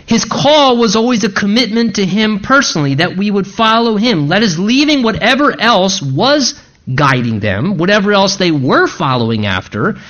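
High-voiced, animated male preacher. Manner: earnest, emphatic, conversational. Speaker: pastor. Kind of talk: sermon. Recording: dull lo-fi sound.

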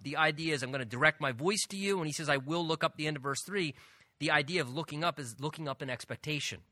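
Bright, earnest male preacher. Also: a little high, fast talker, no echo, clean studio sound. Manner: earnest, emphatic, swings from soft to loud. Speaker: pastor. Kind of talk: expository sermon.

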